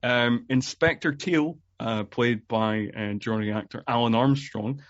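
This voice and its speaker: A man's voice: mid-range voice, unhurried, dull audio. A man co-hosting a podcast, chatting casually about a film with frequent ums and uhs. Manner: hesitant, many ums and uhs. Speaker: podcast co-host.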